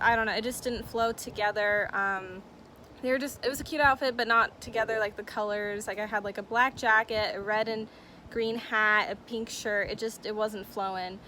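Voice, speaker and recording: A woman's voice: a little high, sharp tone, a little hiss or hum. Bubbly giggly young woman vlogger. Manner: bubbly and giggly, heavy on "like" and "oh my gosh". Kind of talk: casual story-time.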